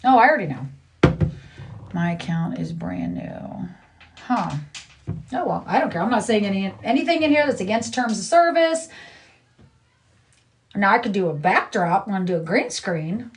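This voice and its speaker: A woman's voice: mid-range voice, very animated, moderate pace, pauses often, a little hiss or hum. A middle-aged woman on a casual live stream from her living room, blunt and indignant, venting about someone who keeps harassing her. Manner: blunt, indignant, talks to her child off to the side. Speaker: livestreamer.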